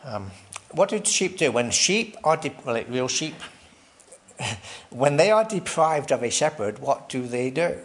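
A man delivers a sermon in a chatty style, posing questions to the congregation, ending his points with "right?" and chuckling softly between phrases. His voice sits at a medium pitch.

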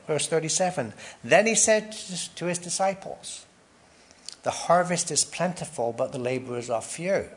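Conversational male preacher. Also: mid-range voice. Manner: conversational, asks the congregation questions and adds "right?". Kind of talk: sermon.

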